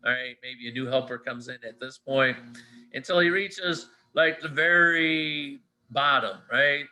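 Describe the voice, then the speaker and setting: Bright-voiced male teacher, casual lecture. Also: medium pitch, measured pace, low-quality recording. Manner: conversational, checks in often with "all right" and "right?".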